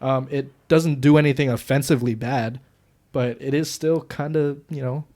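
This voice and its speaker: A young man co-hosting a podcast, chatting casually and profanely about a movie, getting loud when worked up. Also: mid-range voice, steady tone, normal speed. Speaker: podcast co-host. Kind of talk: casual movie review chat.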